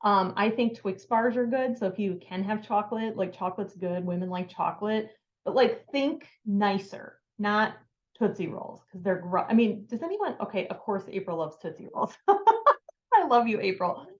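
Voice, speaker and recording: A woman's voice: medium pitch, animated, moderate pace, roomy sound, highs cut off. A woman giving a casual, upbeat how-to talk on sales and networking, full of filler words. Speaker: sales trainer.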